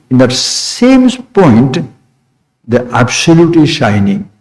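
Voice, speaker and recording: A man giving a spiritual discourse. He talks in short repeated phrases and asks rhetorical questions, swinging from quiet remarks to sudden high emphasis. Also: very animated, takes it slowly, rough recording. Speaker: spiritual teacher.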